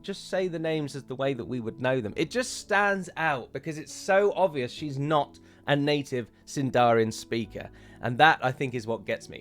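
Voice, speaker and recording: Chatty man commenting on a trailer. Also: mid-range voice. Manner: chatty, opinionated, with frequent fillers and self-corrections. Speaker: YouTuber reviewing a trailer. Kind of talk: casual commentary to viewers.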